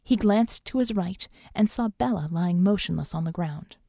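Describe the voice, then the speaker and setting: A woman's voice: on the low side, moderate pace, gravelly, warm tone, dry recording. Woman reading an audiobook, dry sound. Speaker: audiobook narrator. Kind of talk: scripted narration.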